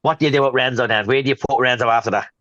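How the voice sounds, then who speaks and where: A man co-hosting a casual wrestling podcast, telling stories in a rapid rush. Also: mid-range voice, fairly even intonation, bright, forceful tone, dry recording, highs cut off. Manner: rapid storyteller, acts out quotes. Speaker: podcast co-host. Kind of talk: casual chat.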